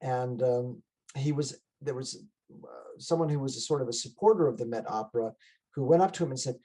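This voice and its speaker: A man's voice: mid-range voice, fairly quick, mellow, rough recording. A man giving a conversational lecture on a musical, with frequent fillers and restarts. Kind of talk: casual lecture. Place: online library talk.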